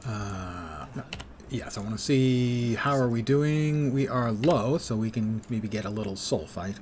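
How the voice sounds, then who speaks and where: A man's voice: medium pitch, animated, unhurried, a little mellow, a little hiss or hum. A man in his sixties streaming a game and chatting casually, with dry, self-mocking asides. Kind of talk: casual live gameplay chat.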